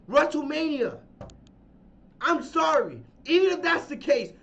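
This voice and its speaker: A man with a very high voice rants through his podcast review, angry and profane, saying his points again and again. The sound is dull and lo-fi. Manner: angry, profane, loud ranting with repeated phrases. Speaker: podcast host. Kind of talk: ranting wrestling review podcast.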